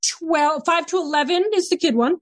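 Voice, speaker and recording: A woman behavior consultant, a guest on a casual podcast interview, talks animatedly about parenting and acts out dialogue with her son. Her voice is very high-pitched, at a moderate pace, with no echo.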